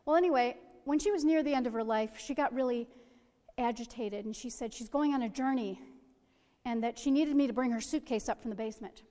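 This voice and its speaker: A middle-aged woman with a slightly high voice tells a personal story gently and with humor. Her voice carries a long, ringing reverb, as if she were heard in a big hall. She unfolds the tale at an easy storytelling pace. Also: a little fast.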